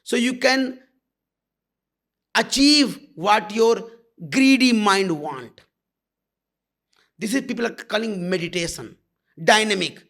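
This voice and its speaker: High-pitched gravelly spiritual teacher. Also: male voice, takes it slowly, pauses often, fairly bright tone. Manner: blunt and intimate, calling listeners "my love". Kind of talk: satsang talk.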